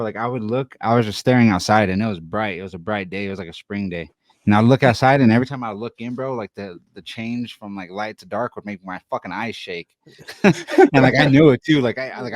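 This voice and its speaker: A young man from Denver, swapping stories as a podcast co-host. His delivery is quick and rambling, full of profanity and laughter. His voice sits low, and the recording is dry and close. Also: no echo. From Denver, USA. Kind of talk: casual storytelling chat.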